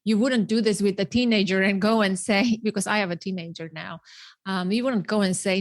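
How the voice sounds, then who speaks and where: A woman's voice: medium pitch, normal speed, dry recording. A middle-aged woman hosting a parenting podcast, talking earnestly and often repeating words as she thinks. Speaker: podcast host. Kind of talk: casual conversational interview.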